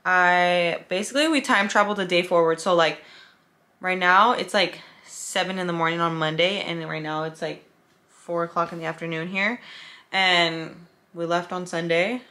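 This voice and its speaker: A woman's voice: fairly low pitch, normal speed, pushed and bright. A woman vlogging in a casual, chatty and emotional way, tired and sometimes swearing. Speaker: fitness vlogger. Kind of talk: casual vlog chat. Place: hotel room.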